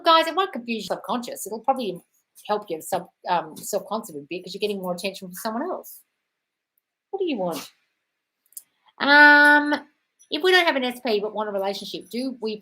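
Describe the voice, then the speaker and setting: This live-stream host reads out questions from viewers and replies in a light, chatty way, addressing everyone as darling. Her voice is medium-pitched, bright and forceful, and the audio quality is poor.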